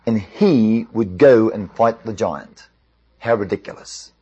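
A man telling a Bible story in an expressive way, with varied pacing and asides to the listener. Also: on the low side, takes it slowly, husky, dull audio.

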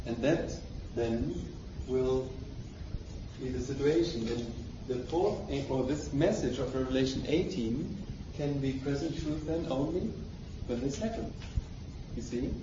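A man teaching a Bible study, reading passages aloud and explaining them with questions to his listeners. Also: medium pitch. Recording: dull lo-fi recording, faint noise.

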